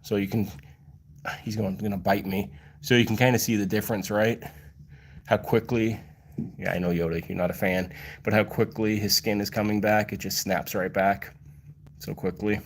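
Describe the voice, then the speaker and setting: A man's voice: lowish voice, level tone, moderate pace, breathy edge. A man hosting a casual livestream, explaining things in a rambling way full of fillers and restarts. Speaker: cat channel host.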